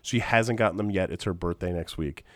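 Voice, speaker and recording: A man with a stuffy, congested voice, telling animated stories in a casual podcast chat and swearing casually. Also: sits low, brisk, no room sound, clean studio sound. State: congested from a sinus infection. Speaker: podcast regular.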